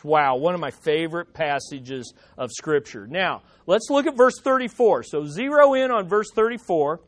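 Animated high-voiced male preacher. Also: normal speed, hardly any pauses. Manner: animated, rising to emphatic quotes. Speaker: pastor. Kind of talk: sermon with scripture reading.

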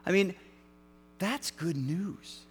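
A male pastor giving a sermon in a casual, animated way, with frequent restarts and fillers. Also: high-pitched, slow. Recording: hall reverb, mains hum.

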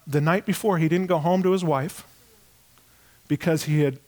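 A middle-aged male pastor giving a sermon, telling a personal story with animated delivery and acting out voices. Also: fairly high pitch.

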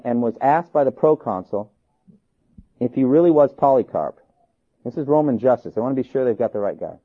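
An animated male lecturer whose pitch swings widely as he reads old accounts and acts out bits of dialogue. The sound is thin and tinny, like a phone line. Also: slightly rough. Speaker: teacher of church history. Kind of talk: classroom lecture.

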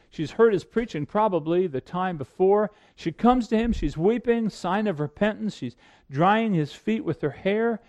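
Earnest pastor with a lively, swooping delivery. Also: male voice, fairly high pitch. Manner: earnest, pleading preaching with sudden swings between loud emphasis and quiet hush. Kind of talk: sermon.

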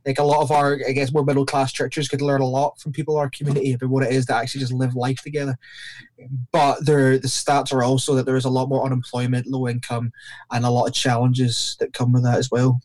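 A man's voice: medium pitch, fast talker, dry recording. A man from Northern Ireland with a mixed Northern Irish and Glaswegian accent, chatting and joking as a church-planter guest on a podcast. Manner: chatty and joking, with lively shifts into mimicked accents. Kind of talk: casual podcast conversation.

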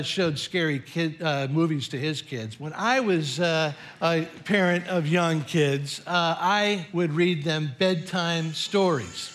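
A man's voice: high voice, a bit bright. A middle-aged man preaching a sermon as pastor, telling a story in a playful way.

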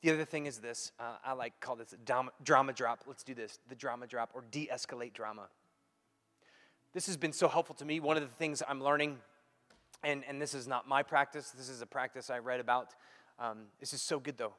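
A pastor preaching a sermon, acting out quoted dialogue and swinging between loud and hushed delivery. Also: male voice, mid-range voice, a little fast. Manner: animated, acts out quoted dialogue. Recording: long hall reverb.

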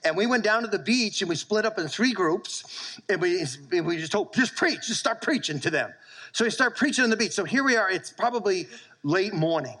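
A middle-aged male pastor preaching a sermon, telling animated stories and calling for amens from his church. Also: high voice, a little fast, rough recording.

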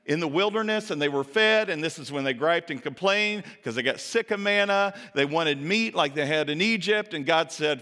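A pastor delivers a sermon with a bright, forceful voice that sits a little high for a man. He tells the stories casually and turns to his listeners with chatty asides. The sound rings with long reverb from a large hall. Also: moderate pace. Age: adult parent. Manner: animated storytelling that acts out quoted voices.

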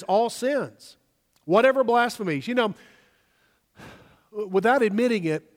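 A man preaching a sermon as pastor, emphatic and slowing down to stress key words. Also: high-pitched, big-room sound.

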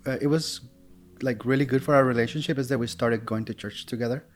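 Male guest, 30s, halting with lots of "uh", wry humor. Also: medium pitch, steady tone, faint music behind. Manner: hesitant, many "uh" and "um", dry jokes. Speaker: podcast guest. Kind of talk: casual interview chat.

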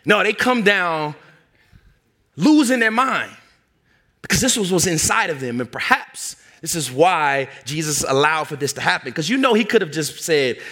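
A male preacher delivering a sermon with a bright, forceful voice set a little above the usual male pitch. He talks emphatically, in a conversational way, and tells stories as he preaches. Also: lively intonation, normal speed.

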